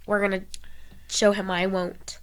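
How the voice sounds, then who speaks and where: A woman's voice: medium pitch, flat delivery, a little slow, low-quality recording. Giggly stuffy young Southern woman. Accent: Southern American. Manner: giggly, rambling. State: stuffy nose. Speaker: co-host. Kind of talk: casual podcast chat.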